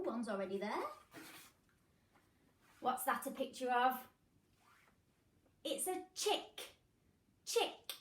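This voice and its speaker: A woman's voice: fairly high pitch, far from the mic. Sing-song English woman teaching phonics. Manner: slow, sing-song teacherly prompting with sound drills. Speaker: primary school teacher. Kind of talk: phonics lesson for young children. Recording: echoey room, voice from off-mic.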